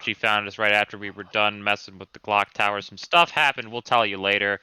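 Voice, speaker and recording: A man's voice: lowish voice, fairly even intonation, brisk, pushed and bright, clean tone, dry recording, low-quality recording. A man playing a tabletop game, speaking in an offhand, laid-back way. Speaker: player. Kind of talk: casual tabletop play.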